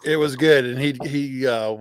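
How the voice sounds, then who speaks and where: Halting, mid-pitched man recalling a tasting. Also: clear, resonant tone, no room sound, clean studio sound. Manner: halting, restarts often while recalling details. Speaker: podcast co-host. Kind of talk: casual bourbon chat.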